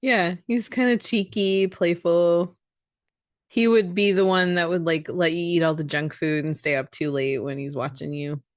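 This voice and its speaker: A woman co-hosting a film podcast in casual chat, relaying background facts in a measured way with hesitant fillers. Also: lowish voice, fairly even intonation, dry recording, studio quality. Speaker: podcast co-host.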